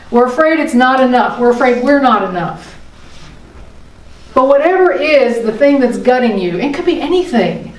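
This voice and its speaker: A woman's voice: high voice, lively intonation, normal speed. Earnest woman preaching in an echoey hall. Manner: earnest, emotional, rises and falls between soft and passionate. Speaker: minister. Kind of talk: sermon. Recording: echoey room, voice from far off.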